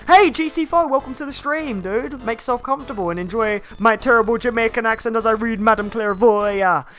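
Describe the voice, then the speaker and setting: Streamer, bright voice, casual explainer over faint game music. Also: mid-range voice, brisk. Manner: chatty, explanatory, greets chat. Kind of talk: casual live gameplay commentary.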